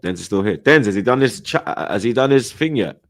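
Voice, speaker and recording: A young London man with a very low voice rants about football as host of a casual podcast. His talk is full of street slang and swearing, and it keeps climbing into loud, exasperated outbursts. The sound is dry and close, with almost no room around it. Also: lively intonation, fairly quick, no echo. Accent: London, multicultural London English slang. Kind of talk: heated casual football chat.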